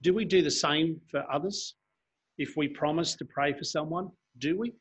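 Husky man preaching a sermon. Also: on the high side, moderate pace. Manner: earnest, reads scripture aloud and explains it. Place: church.

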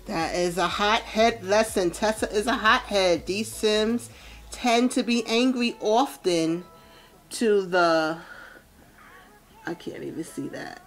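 Speaking slowly at a medium pitch over soft background music, a woman does casual let's-play commentary. She chats away as a gameplay commentator, narrating how her game characters feel.

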